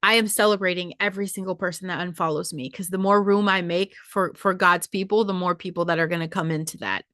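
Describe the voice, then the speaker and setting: A woman's voice: on the low side, steady tone, fast, hardly any pauses, fairly bright tone, dry recording, clean studio sound. A woman hosting her own podcast, delivering a blunt, profane motivational monologue straight to her listeners. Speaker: podcast host.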